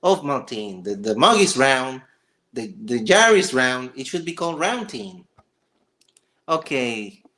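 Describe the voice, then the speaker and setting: A man hosting a livestream, reacting to a video with sarcastic, exasperated commentary and excited stammering. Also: mid-range voice, unhurried. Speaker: livestream host.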